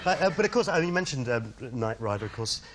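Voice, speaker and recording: An actor playing a cheeky, eager chat show host who asks earnest questions with hesitant restarts. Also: male voice, mid-range voice, very animated, quick pace, very noisy, lightly acted.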